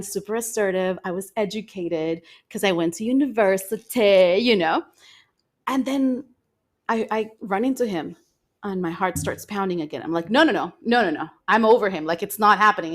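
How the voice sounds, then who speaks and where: A young woman co-hosting a podcast, telling an animated story in casual chat and acting out the quotes. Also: medium pitch, moderate pace. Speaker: podcast co-host.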